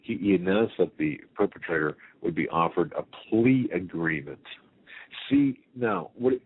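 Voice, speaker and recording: Very deep-voiced male talk radio host. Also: huge pitch swings, unhurried, gravelly. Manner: emphatic, rambling with restarts and rhetorical questions. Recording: tinny phone-line sound with faint hiss.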